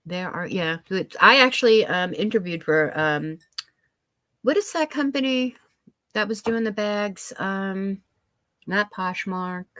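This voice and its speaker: A woman's voice: medium pitch, lively intonation, slow, fairly bright tone, smooth, dry recording. A woman chatting casually on her live stream, rambling with lots of fillers and restarts, her nose a little stuffy. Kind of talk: casual chat.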